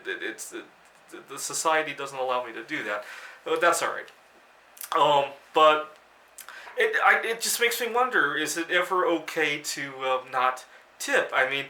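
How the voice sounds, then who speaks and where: A man hosting his own vlog, telling a personal story in a rambling, halting way and often repeating words as he goes. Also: fairly high pitch, pushed and bright, roomy sound, a little hiss or hum. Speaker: vlog host. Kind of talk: casual personal storytelling to camera.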